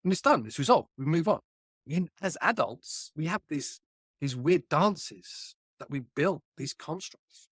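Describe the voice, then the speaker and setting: A man's voice: a little high, expressive, unhurried, husky, no room sound, clean studio sound. A man, an author talking as a guest in a casual conversation, speaking in an emphatic and colloquial way.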